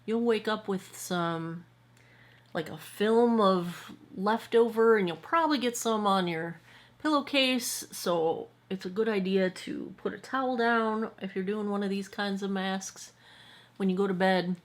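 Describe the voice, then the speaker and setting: This woman, in her forties, speaks with medium pitch at a measured pace while doing a relaxed product review as a skincare vlogger and product maker. She's at home, indoors in front of a monitor, chatty and rambling, often fixing what she says mid-sentence.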